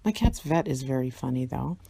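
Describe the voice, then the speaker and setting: A woman's voice: extremely low pitch, lively intonation, a little fast, creaky, warm tone, husky, no echo. A tired woman in a casual vlog monologue, rambling, swearing a lot and laughing often. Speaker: vlogger.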